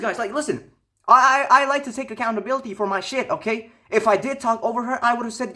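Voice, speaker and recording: A young man telling a casual, profane storytime rant, animated and incredulous. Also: very high voice, fast. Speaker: vlogger.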